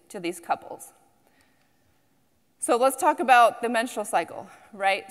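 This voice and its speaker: Earnest woman pitching in a reverberant hall. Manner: earnest, personal, many ums. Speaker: company founder and CEO. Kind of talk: startup pitch talk.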